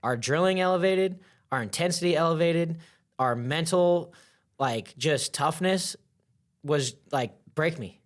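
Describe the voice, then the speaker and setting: A young man, a wrestling coach, telling stories in casual chat, animated and full of "like" fillers. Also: fairly high pitch, a little slow. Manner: animated, acts out voices in his stories, heavy filler "like". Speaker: wrestling coach, podcast guest.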